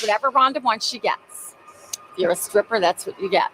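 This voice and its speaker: Older woman, host, chatty, gossipy, slightly high voice, faint outdoor noise. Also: animated, fairly quick. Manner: chatty, gossipy, mimics other people. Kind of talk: casual storytelling.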